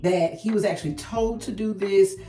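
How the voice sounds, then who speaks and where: A woman's voice: mid-range voice, moderate pace, faint music behind. Woman in her 30s, emphatic storyteller, couple's channel co-host, echoey room. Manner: animated, emphatic retelling. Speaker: co-host, wife. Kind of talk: casual storytelling chat.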